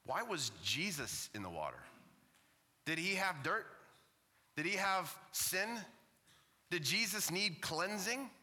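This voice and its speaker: A man's voice: high voice, very animated, takes it slowly, pauses often, bright, forceful tone, long reverb tail. A man preaching a sermon as pastor in a church, impassioned, asking the same questions again and again.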